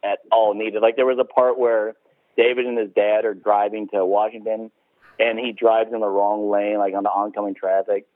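A man chatting casually about a movie, animated and swearing, acting out scenes in silly voices. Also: lowish voice, moderate pace, dry recording. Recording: tinny phone-like sound.

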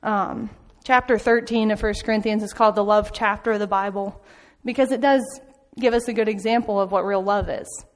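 Her mid-range voice stays steady and fairly quick, with few pauses, as she delivers a chatty, story-filled sermon peppered with ums. Fresh from a mission trip, she speaks in a church sanctuary where the sound rings with long hall reverb.

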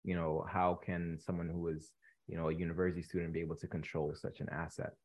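A young man in his twenties from Canada, a guest telling his story in a relaxed interview with many ums. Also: low-pitched, fast. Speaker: podcast guest, real estate investor. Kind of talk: casual interview chat.

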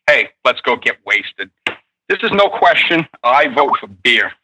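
A man on a podcast panel, arguing loudly and playfully. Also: big pitch swings, a little slow, a little hiss or hum, low-quality recording. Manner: loud and playful, pitch jumping up.

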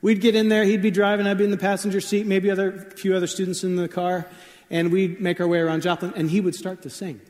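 A man in his forties giving a conversational sermon, telling stories in a relaxed way with fillers and asides. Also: high-pitched, quick pace. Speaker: pastor. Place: church sanctuary. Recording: long hall reverb.

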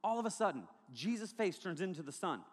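A male pastor preaching a sermon to a congregation in a large hall, joking and animated, breaking into shouts. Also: high-pitched, fast talker, husky. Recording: long hall reverb.

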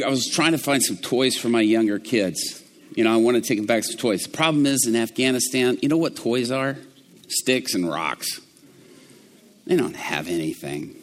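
A middle-aged male preacher giving a sermon, moving from hushed, low storytelling to loud, fervent preaching. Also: big-room sound.

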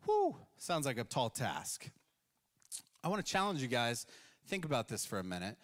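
A man's voice: mid-range voice, big pitch swings, normal speed, fairly bright tone. A male pastor preaching a sermon in a conversational storytelling way, acting out quoted voices along the way. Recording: long hall reverb.

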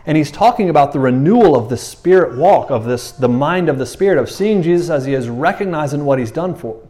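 A man preaching a sermon in a casual, conversational way, full of asides and quick acted-out quotes. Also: fairly high pitch, expressive, dark tone. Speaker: pastor.

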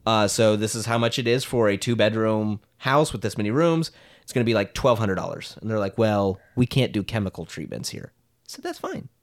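A man's voice: fairly low pitch, expressive, brisk. A young man co-hosting a podcast, telling rambling anecdotes full of fillers and laughing often in casual chat. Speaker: podcast co-host.

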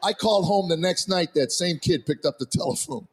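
A man's voice: high-pitched, fairly quick. A man doing a stand-up comedy routine, telling family stories and acting out their voices. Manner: storytelling, acts out family voices. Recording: clip played with audible background noise.

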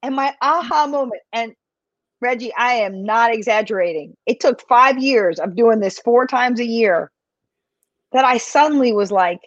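A woman health coach talking in a live podcast interview, telling her story in a chatty, animated way. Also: on the high side, normal speed, no room sound. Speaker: health coach and business owner. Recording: dry, dull lo-fi sound.

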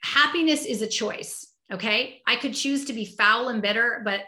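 A woman's voice: a little high, normal speed, bright, forceful tone, roomy sound. A woman guest talking heartfelt and reflective in a conversational interview, often restarting her sentences. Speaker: podcast guest.

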